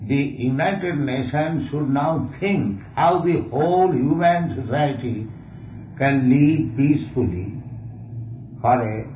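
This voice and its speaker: Slow halting man, tinny echoey old tape. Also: medium pitch. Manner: slow, halting, with repeated words. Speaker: spiritual teacher in conversation. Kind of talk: conversation, explaining scripture. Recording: tinny, echoey, distant, with faint hiss.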